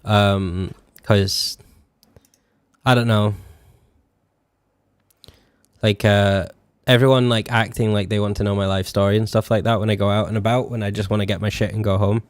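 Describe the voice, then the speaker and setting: A man's voice: on the low side, little pitch movement, normal speed, long pauses, smooth, no echo, clean studio sound. A young man with a Yorkshire accent, tinged with a Scottish and posh mix, chatting casually on a live stream, rambling and sweary with lots of fillers. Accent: Yorkshire, with a slight Scottish and posh mix. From northern England. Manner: rambling, sweary, laughs often, many fillers. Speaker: VTuber streamer.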